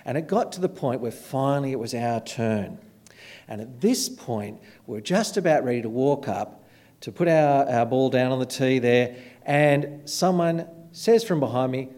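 A man giving a sermon, telling stories in an animated, self-deprecating way. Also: mid-range voice, normal speed. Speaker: preacher. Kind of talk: storytelling sermon.

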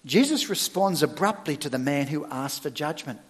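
A middle-aged male church minister preaching a sermon, with emphatic, expressive delivery and sudden loud stresses. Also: a little high, normal speed, in a large hall.

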